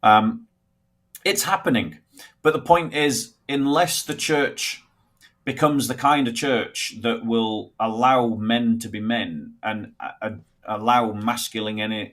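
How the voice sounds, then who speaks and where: A British man speaking as a guest in a live-stream discussion, halting with many restarts and a dry wit. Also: mid-range voice, fairly bright tone.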